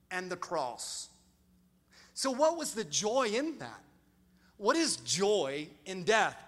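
A middle-aged pastor preaches in a high, bright, ringing voice. He tells lively stories and acts out quotes with big jumps in loudness. The sound carries a long reverb from a large church hall. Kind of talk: sermon.

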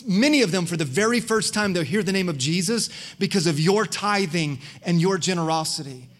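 A man's voice: high-pitched, a little fast. A man preaching a sermon as pastor, telling stories with energy and calling out to the congregation. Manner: preaching with crowd call-outs; animated storytelling.

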